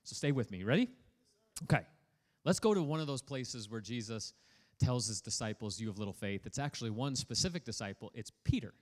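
A pastor preaching a sermon in an energetic, playful way, prodding the congregation to respond. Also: male voice, medium pitch, fairly quick. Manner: energetic, playful, prods the audience for feedback.

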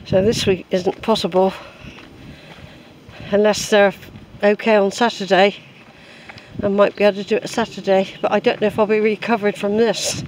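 A high-voiced man rambles cheerfully to his viewers as he walks a hillside path. He calls them folks and drifts from one thought to the next. Faint outdoor noise sits behind the camera mic. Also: flat delivery, moderate pace, poor audio. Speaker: hiker filming his walk. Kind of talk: casual walking vlog.

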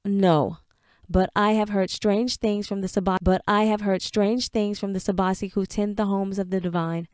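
A woman's voice: medium pitch, fairly even intonation, moderate pace, a little mellow, no echo, studio quality, close to an everyday voice. A woman voicing a stern, harsh aging father who barks at his son, read for an audiobook. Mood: grumbling. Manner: gruff, barking, scornful.

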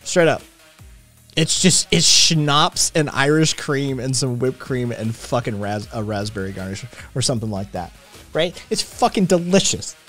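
A man hosts a relaxed late-night stream, reading chat comments and answering them with plenty of swearing. His pitch swings widely as he gets worked up, and faint music plays behind him. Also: measured pace. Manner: profane, animated, reacts to chat messages. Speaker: podcast host reading live chat. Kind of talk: casual livestream chat.

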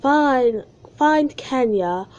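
A woman voicing Mister Meddy, a bossy male teacher, in a raised, louder read-aloud voice. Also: high voice, animated, very slow, dull audio, pitched above the performer's own voice, heavily acted.

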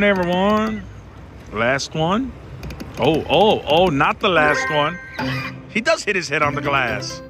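Excitable man narrating slots in a casino. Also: fairly high pitch. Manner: excitable, keeps calling out to viewers and his mom, frequent "oh Lord". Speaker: casino slot vlogger. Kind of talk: casual running commentary while playing slots. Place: casino floor. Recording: casino floor with loud music. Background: slot machine music.

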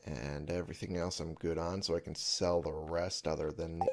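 A man plays a video game and offers casual commentary over game music, muttering and swearing to himself in frustration. His voice is low and level, at a normal speed.

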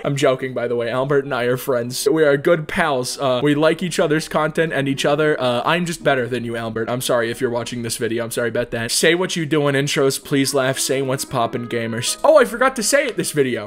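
A man with a fairly high voice talks over his gameplay in let's play commentary. He is sarcastic and mock-dramatic, and he jumps from mumbled asides into loud squeals. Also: expressive, brisk, hardly any pauses. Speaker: gaming YouTuber.

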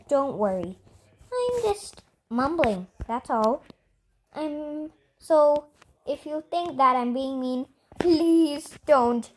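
A young girl hosting her own gaming channel, chatting excitedly and giggling to viewers as she plays. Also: sits high, a little hiss or hum. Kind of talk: casual gameplay commentary.

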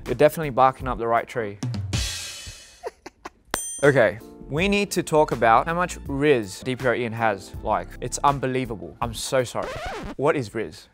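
A man's voice: medium pitch, a bit bright. A young man from Australia casually reading fan tweets aloud, playful and self-deprecating, often breaking into laughter.

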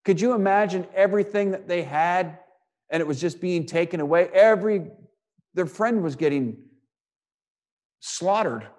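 A high-pitched man gives a sermon at a moderate pace, pausing often. He reads scripture aloud and interprets it through rhetorical questions and repeated phrases, his volume swinging between loud and hushed.

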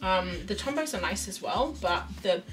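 Animated and mid-range, a young streamer's voice moves at a normal speed as she draws live, rambling and reading chat aloud. The mic sits at a distance, and faint music plays in the background.

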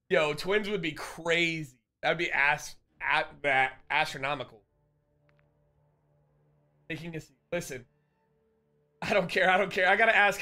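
Bright, high-voiced playful male streamer. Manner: playful joking banter, laughs often. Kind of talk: casual live-stream chat with viewers.

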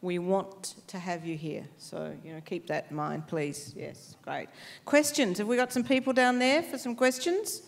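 A woman's voice: mid-range voice, moderate pace, vocal fry, hardly any pauses. A woman moderating a panel, speaking in a reassuring way. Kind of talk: panel discussion.

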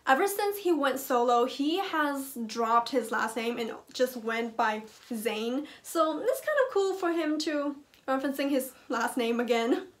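A woman hosting a casual reaction vlog who talks in a playful, joking, teasing way. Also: a little high. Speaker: reaction video host.

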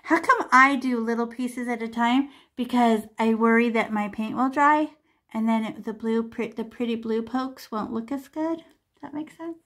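A woman's voice: on the high side, moderate pace, fairly bright tone. A woman art teacher leading a live painting class over a video call, chatty and chanting repeated words as she paints.

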